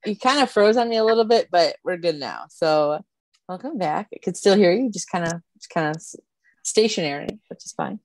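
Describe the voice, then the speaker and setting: A woman's voice: on the low side, lively intonation, a little fast, a little mellow, no echo. A woman hosting a casual interview, laughing often and self-deprecating. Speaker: podcast host.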